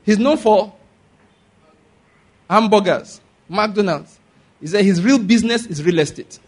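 A man's voice: high-pitched, animated, measured pace, husky. A man preaching a sermon as a pastor, emphatic and often asking the congregation for an amen. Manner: emphatic, asks the congregation for amens.

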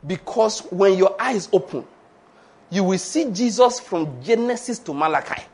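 Husky high-voiced preacher. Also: male voice, unhurried. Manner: lively, laughs often, acts out quoted voices. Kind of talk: sermon.

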